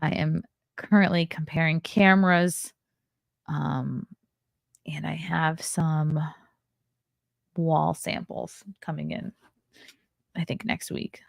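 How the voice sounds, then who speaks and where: A woman's voice: low-pitched, fairly even intonation, slow, gravelly, pauses often, dry recording, clean studio sound. A woman streaming from her home desk, chatting in a rambling way with sarcastic asides while reviewing a film and reading chat. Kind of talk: casual live-stream chat. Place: home desk setup with webcam.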